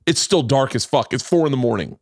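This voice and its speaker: A middle-aged man hosting a podcast, telling a story in a loud, profane, animated way and acting out the voices in it. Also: medium pitch, fairly quick, gravelly, slightly rough, no echo, clean studio sound. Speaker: podcast host. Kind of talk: casual storytelling chat.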